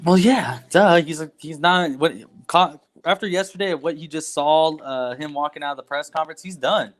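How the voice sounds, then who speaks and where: A man hosting a casual sports talk show, animated and laughing often while telling stories. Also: a little high, moderate pace. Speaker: podcast host.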